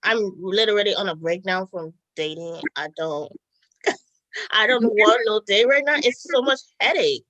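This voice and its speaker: Bright, crisp young woman chatting. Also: mid-range voice, a little slow, no echo, lo-fi sound. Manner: lively storytelling, laughing often. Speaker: guest. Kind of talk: casual chat.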